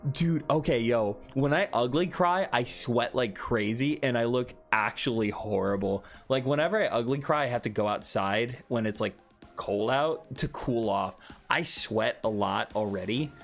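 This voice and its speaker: A young man hosting a casual live stream, chatting with viewers and answering their comments, often jumping into high excited squeals. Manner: animated, jumps into high excited squeals and laughs.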